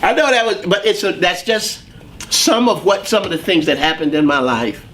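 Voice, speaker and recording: A man's voice: sits high, animated, moderate pace, fairly bright tone, a little hiss or hum. A man telling his life story as an interview guest, acting out the voices of the people in it. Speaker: guest, saxophonist.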